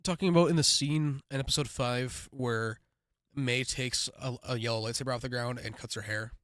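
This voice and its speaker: A man's voice: mid-range voice, fairly even intonation, moderate pace, fairly bright tone, dry recording. Casual man hosting a live reaction.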